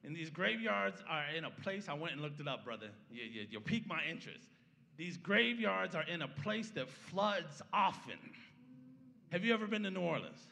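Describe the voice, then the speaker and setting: A man's voice: fairly high pitch, animated, normal speed, creaky, pushed and bright, big-room sound. A man pastor preaching a sermon in a church, talking conversationally and often checking in with the congregation. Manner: conversational preaching, keeps asking the congregation "right?"; opens with a prayer, then teaches the Bible passage. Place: church sanctuary.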